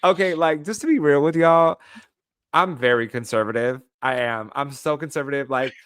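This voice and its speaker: A man's voice: a little high, moderate pace, a bit bright, clean tone, no echo, clean studio sound. A man in his thirties, a podcast co-host, giving frank and chatty travel advice. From United States. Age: 30s. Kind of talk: casual chat.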